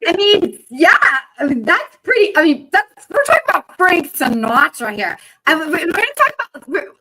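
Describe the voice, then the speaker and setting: A woman hosting a live interview, with a high, bright voice that swoops up and down. She gushes over her guest with open excitement. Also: moderate pace, rough recording. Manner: excited, gushing. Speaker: host.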